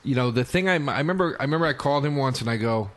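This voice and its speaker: Man, comedian, casual storytelling, rambling, restarts, profane, average pitch. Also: lively intonation, racing, a bit bright. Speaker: stand-up comedian guest.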